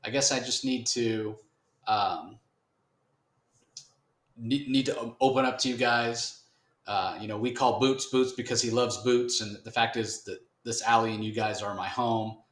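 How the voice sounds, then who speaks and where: A man voicing a weary antihero who confides haltingly in his friends. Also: medium pitch, steady tone, a bit bright, lightly acted. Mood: confiding. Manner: hesitant, halting. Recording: roomy echo.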